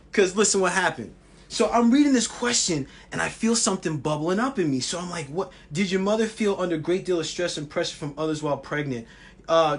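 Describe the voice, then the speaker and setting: A man vlogging a personal wellness story, passionate and animated, with frequent restarts. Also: on the high side.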